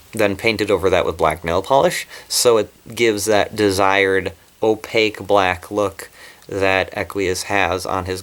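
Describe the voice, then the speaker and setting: A man vlogging about his cosplay from a corner of his small bedroom, excitable and giggly, with a slight lisp. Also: on the low side. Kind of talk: casual vlog.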